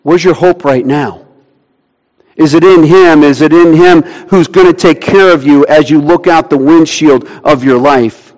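An earnest male pastor preaches, his fairly high voice drawing out the scripture he quotes. The sound rings with the long reverb of a church hall. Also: measured pace, darkish tone. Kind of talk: sermon.

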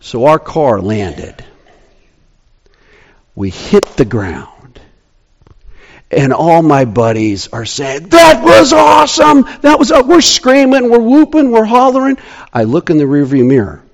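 A man telling a personal story in a sermon, animated, rising to excitement and dropping to hushed tones. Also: fairly high pitch, slow, long pauses.

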